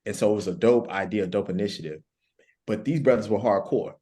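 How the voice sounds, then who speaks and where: A man's voice: lowish voice, fast, warm tone. A man speaking as a guest life coach on a panel, telling stories earnestly and repeating key phrases for emphasis. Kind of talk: panel discussion, storytelling.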